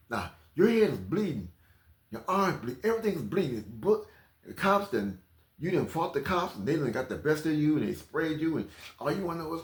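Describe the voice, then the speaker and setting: A man preaching in an animated, storytelling way with vernacular grammar, in an echoey room. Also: medium pitch, normal speed. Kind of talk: comedic sermon.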